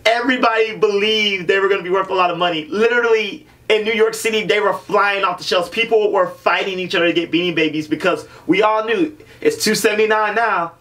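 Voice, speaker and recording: A man's voice: sits high, brisk, few pauses, bright, forceful tone, recorded from a distance. Joking man hosting a podcast. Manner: joking, riffing banter. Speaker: podcast host. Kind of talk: casual podcast chat.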